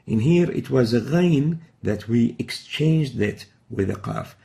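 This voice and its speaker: A man's voice: mid-range voice, lively intonation, slow pace, creaky, dark tone. A man teaching a recorded recitation lesson, explaining each pronunciation mistake step by step and then sounding out the Arabic letters himself.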